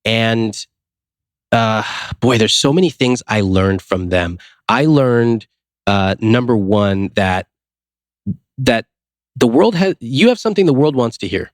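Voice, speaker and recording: A man's voice: mid-range voice, animated, slow, dry recording, studio quality. A man from the United States, a guest on a podcast, telling stories in a casual interview. He acts out quoted dialogue and keeps asking rhetorical questions. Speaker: podcast guest, finance author.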